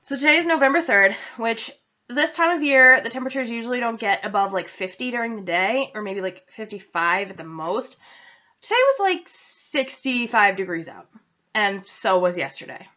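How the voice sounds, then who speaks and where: A woman's voice: on the high side, animated, normal speed, bright, forceful tone. A young woman from New England chatting casually to her vlog audience, rambling and interrupting herself. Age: young adult. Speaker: vlogger. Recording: dull lo-fi home recording.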